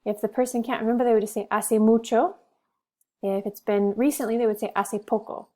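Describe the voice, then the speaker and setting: Woman, language teacher, mellow warm tone, slow careful drilling, mixes English and Spanish. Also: fairly high pitch, steady tone. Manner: switches between English and Spanish. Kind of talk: classroom language lesson.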